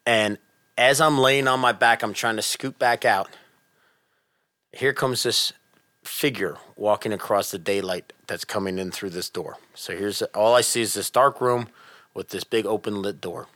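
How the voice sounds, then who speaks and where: A man's voice: lowish voice, unhurried, dry recording. Earnest storytelling man, dry close sound. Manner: animated, earnest, drops soft for tense moments. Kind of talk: casual storytelling chat.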